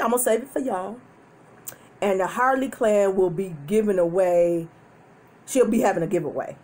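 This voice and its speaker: Animated woman mukbang host, laughing storyteller. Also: on the low side, moderate pace. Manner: animated storyteller, laughs often, breaks into loud whoops; chatty, addresses viewers directly. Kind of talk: casual chat while eating.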